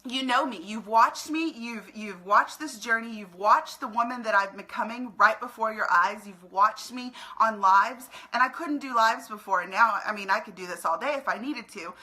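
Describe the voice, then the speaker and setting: Woman, fairly high and bright, earnest motivational talk to camera, recruiter. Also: moderate pace, few pauses, rough recording. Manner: earnest, emotional, pep-talk. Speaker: network marketing recruiter. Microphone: camera in front of her.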